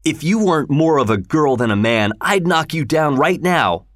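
A man voicing a rough, proud young farmhand in a read-aloud story, gruff and threatening. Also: a little high, animated, moderate pace, no room sound, studio quality, voice pushed up, close to an everyday voice. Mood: angry.

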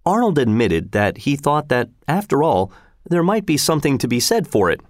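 A man's voice: on the high side, no echo, clean studio sound. Man reading a storybook aloud. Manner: measured, expressive storytelling. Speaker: narrator.

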